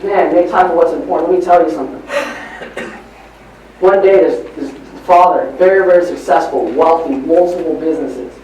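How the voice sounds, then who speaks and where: A man giving a live motivational talk, telling stories in an animated, preachy way at a training event in a large hall. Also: on the high side, moderate pace, slight background noise. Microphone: far from the recording mic. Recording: echoey hall from far off.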